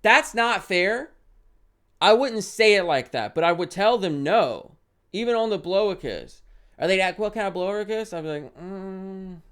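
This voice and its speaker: A young man reads a parenting game's story aloud on stream, then breaks off to react. His voice is slightly high and smooth, close to the mic, swinging from loud indignant bursts to quiet mumbled asides. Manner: animated, swings from loud outbursts to muttered asides.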